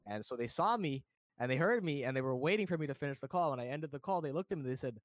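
A young man from the United States chats casually and fast in a voice on the high side. Relaxed and rambling, he uses lots of fillers, captured in a dry, studio-quality recording.

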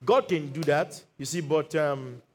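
Nigerian pastor with a high voice. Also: male voice, measured pace. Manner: call-and-response preaching, leads congregation in declarations. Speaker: lead pastor. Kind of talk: sermon.

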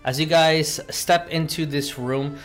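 Give me a slow, halting male game master recapping a session over faint music. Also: fairly high pitch, fairly even intonation, a bit bright. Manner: slow, halting narration with many pauses.

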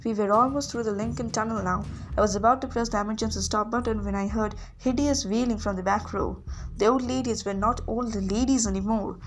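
A woman reading a story aloud in a steady storytelling voice, giving the characters their own voices. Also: fairly high pitch, brisk, slight background noise. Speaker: reader. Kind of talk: audiobook reading.

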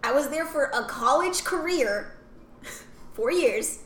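A young woman speaks slowly in a high voice while telling stories on a podcast she co-hosts. Animated and casual, she acts out other voices and lowers to whispers for asides. Faint ambient noise and echo fill the room.

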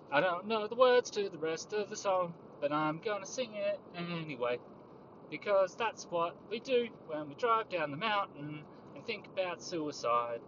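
A man's voice: fairly high pitch, animated, normal speed, pushed and bright. A tired man hosting a rambling solo podcast from his car, musing in a crude, profane, darkly joking way. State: tired, yawning. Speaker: podcast host. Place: inside a moving car on a mountain road. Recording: muffled lo-fi car recording with road noise. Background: engine and road noise.

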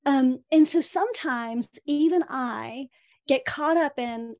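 A woman hosting a podcast, talking in an animated, emphatic and affirming way in casual chat. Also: sits high, slow. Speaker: podcast host.

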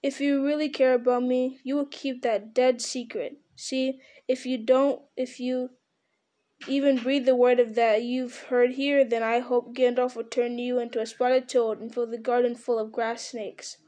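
A woman voicing an earnest young male hobbit who speaks gently and seriously. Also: a little high, flat delivery, unhurried, lightly acted. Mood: grave.

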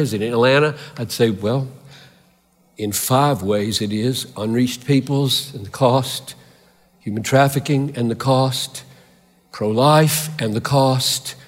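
A male pastor delivers a sermon at a deliberate, unhurried pace, his words hanging in the long reverb of a large sanctuary. He is impassioned, climbing to loud emphatic peaks and then sinking to quiet intensity. His voice sits at an ordinary middle pitch.

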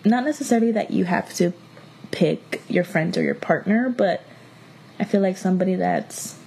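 Creaky and husky at a medium pitch and normal speed, she's a young podcast co-host from Miami. Her casual storytelling is blunt and profane, full of animated impressions of what others said.

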